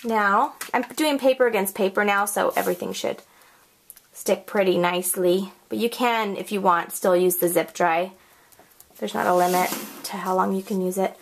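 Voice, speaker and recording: A woman hosting a casual craft tutorial, bubbly and chatty, who often corrects herself and squeals up high when excited. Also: moderate pace, slight background noise. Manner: self-correcting, apologetic asides. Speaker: crafting video host.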